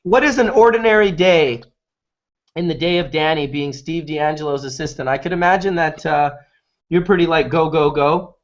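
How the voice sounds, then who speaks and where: A man's voice: a little high, moderate pace. A man hosting a casual group chat, laid-back and rambling, laughing easily. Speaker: host of a streamed cannabis talk show. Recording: lo-fi online call audio.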